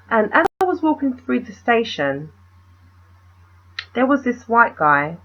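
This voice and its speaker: A woman's voice: on the high side, very animated, slow pace, lo-fi sound. A young woman, telling a story in a casual, rambling vlog and asking the viewer questions.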